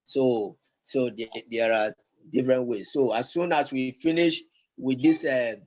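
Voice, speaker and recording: Halting man teaching a lesson. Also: medium pitch, darkish tone, poor audio. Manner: slow, halting, with many fillers and repeated words. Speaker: Yoruba language teacher. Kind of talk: classroom lesson.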